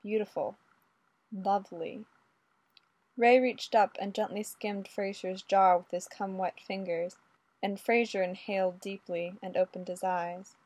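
Brief: female audiobook narrator, steady and measured, mid pitch, dry close mic. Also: no room sound. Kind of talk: audiobook reading of adult fiction.

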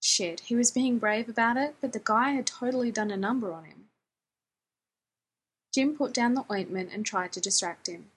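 Brief: a woman narrator of fiction with a husky voice, wry, casually profane. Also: on the high side, moderate pace, fairly bright tone.

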